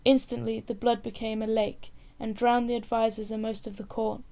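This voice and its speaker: A woman reading a novel aloud in measured storybook narration. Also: on the high side, flat delivery, dark tone. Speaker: reader.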